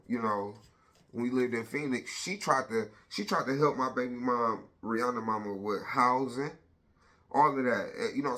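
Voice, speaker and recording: A man's voice: mid-range voice, pushed and bright. A man in his thirties telling a personal story on a casual vlog, blunt and profane, retelling it with lots of energy.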